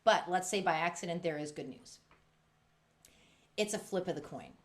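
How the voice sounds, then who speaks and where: A woman at normal speed presents a workshop for music teachers. She talks in a spirited, emphatic way, acting out quoted lines with sweeping pitch changes.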